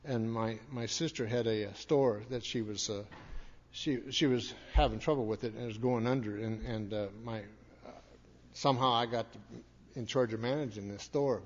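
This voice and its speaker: A man's voice: mid-range voice, moderate pace. A man giving a folksy, rambling talk to a recovery meeting, repeating his words as he tells stories. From Montana. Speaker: AA speaker. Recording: dull recording in a reverberant hall.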